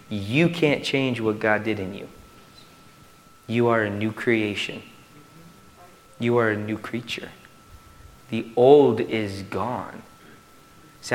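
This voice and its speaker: A male pastor preaching a sermon to his church in an animated way, swinging from loud to hushed. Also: lowish voice.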